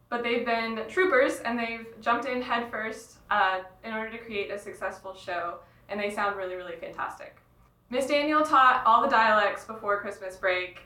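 A woman's voice: mid-range voice, sharp tone, echoey room, far from the mic. A woman choral director talking about the show's music in an upbeat way, laughing often. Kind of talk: podcast interview.

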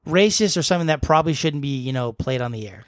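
A man's voice: on the high side, lively intonation, fast, no echo, studio quality. A young man co-hosting a podcast, joking and rambling through the show info. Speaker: podcast co-host. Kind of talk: casual chat.

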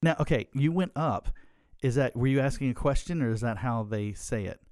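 A man's voice: mid-range voice, darkish tone, dry recording, clean studio sound. A man co-hosting a casual podcast as a pastor, easygoing and joking as he chats and signs off. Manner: easygoing, joking, quick sign-off patter.

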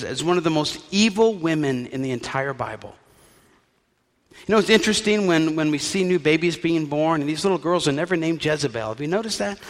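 A man's voice: on the high side, a bit bright, in a large hall. A male pastor preaching a sermon in a conversational storytelling way with wry asides.

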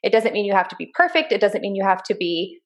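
A woman's voice: medium pitch, expressive, fast talker. Chatty woman podcast co-host. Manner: laughs often, earnest and chatty. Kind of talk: casual chat.

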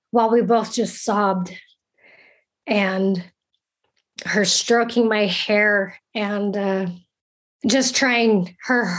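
A young adult woman telling a personal story in an earnest, reflective way, with halting restarts. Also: medium pitch. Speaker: storyteller sharing a personal experience.

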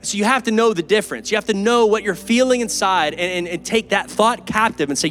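A pastor preaching an earnest, emphatic and conversational sermon in a church. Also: male voice, high voice, fairly quick, few pauses, fairly bright tone, faint music behind. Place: church sanctuary.

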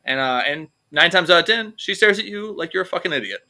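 A man's voice: high voice, lively intonation, quick pace, pushed and bright. A man co-hosting a comedy podcast, rambling through jokes and swearing freely in casual chat. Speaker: podcast co-host.

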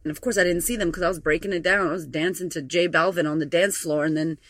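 A woman's voice: lowish voice, fairly even intonation, fast talker, fairly bright tone, no room sound. Gushing, profane woman podcast host. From Melbourne area. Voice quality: profane, gushing, emotional storyteller. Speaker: podcast host and confidence coach. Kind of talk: casual podcast monologue.

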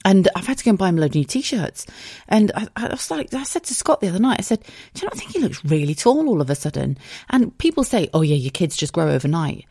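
A woman's voice: lowish voice, big pitch swings, quick pace, mellow, slightly rough, dry recording, clean studio sound. A woman, chatting on her solo podcast from her bedroom, swearing and laughing often, emotional. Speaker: podcast host. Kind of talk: casual solo podcast chat. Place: bedroom at home.

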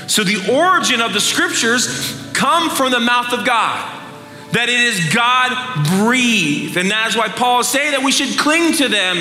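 A man delivering a sermon in a high, piercingly bright voice. He lays out his points slowly and with emphasis, like items on a list. The recording rings with a long hall echo, and faint music sits underneath. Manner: measured, emphatic listing. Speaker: preacher.

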